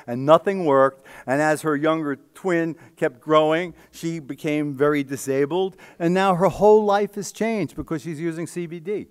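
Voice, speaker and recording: A man's voice: fairly high pitch, animated, moderate pace, a little mellow, clear, resonant tone. A man giving an emphatic, conversational scientific talk at a conference, often checking in with the audience.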